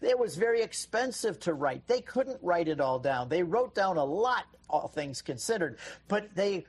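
A man's voice: high-pitched, very animated, normal speed, slightly rough. A man answering callers' questions on a call-in radio show, explaining in a teacherly way. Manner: explanatory, teacherly, laughs often. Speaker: radio show guest expert.

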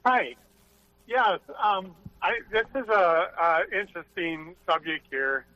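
A man's voice: high-pitched, expressive, takes it slowly, no echo, dull audio. A middle-aged man calling a radio show, telling his story in a plain, rambling way. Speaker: caller. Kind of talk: phone-in call.

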